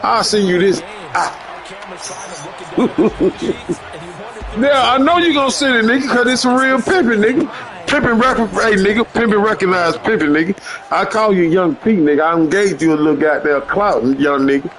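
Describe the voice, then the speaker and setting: Loud trash-talking man gaming. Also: high voice, lively intonation, fairly quick. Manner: loud, boastful trash talk with heavy slang and profanity. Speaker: gamer streamer. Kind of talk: trash-talking game commentary.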